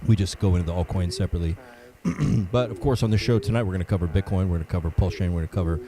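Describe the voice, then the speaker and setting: Deep-voiced man hosting a livestream. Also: very fast, a crowd in the background, rough recording. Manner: greets chat viewers by name, laid-back. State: a little under the weather, sniffling. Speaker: livestream host. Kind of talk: casual livestream chat.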